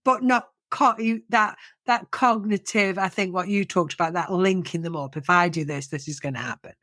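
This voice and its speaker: A middle-aged woman speaks in a fairly low register, sounding dry and close to the mic. She talks casually on a podcast. She tells stories animatedly and often restarts her sentences. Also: normal speed, no room sound. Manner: animated storytelling, many restarts and self-corrections. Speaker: podcast co-host.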